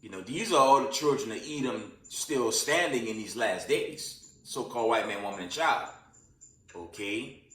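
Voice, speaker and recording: A tired man talks through the week's news in a loose, rambling way. He stops often for fillers and restarts, and his voice sits at an ordinary middle pitch. The sound is roomy, and he is set back from the mic. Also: lively intonation, moderate pace, fairly bright tone, recorded from a distance. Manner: rambling, many fillers and restarts, calls listeners "family" and "man". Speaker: host of a news commentary channel. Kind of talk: casual news commentary with prophecy talk.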